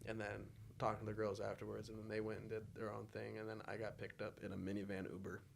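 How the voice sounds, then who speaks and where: A man hosting a podcast, telling stories in a casual, animated way and often bursting into loud laughter. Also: lowish voice, quick pace, creaky. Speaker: podcast host.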